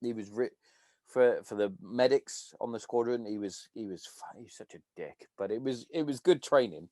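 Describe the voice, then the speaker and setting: A man hosting a podcast, chatting in an animated, profane way and acting out his stories. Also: mid-range voice, moderate pace, dry recording. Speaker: podcast host. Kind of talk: casual chat.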